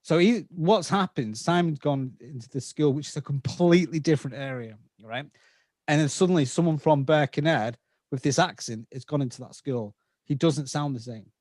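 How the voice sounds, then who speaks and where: A man's voice: on the high side, normal speed, a little mellow, no room sound, studio quality. Man with a slight Scouse accent, explaining earnestly. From England. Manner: earnest, explains at length and checks in with the listener. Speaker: podcast guest. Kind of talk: casual interview talk.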